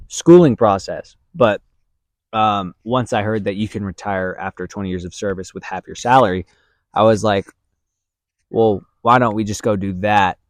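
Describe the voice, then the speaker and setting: A young man co-hosting a casual podcast, talking in a relaxed, rambling way and laughing easily. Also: lowish voice, dry recording. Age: young adult. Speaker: podcast co-host. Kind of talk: casual chat.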